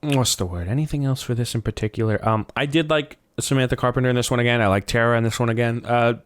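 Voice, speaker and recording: A man hosting a podcast, chatting casually about movies, animated and quick to swear. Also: medium pitch, smooth. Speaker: podcast host.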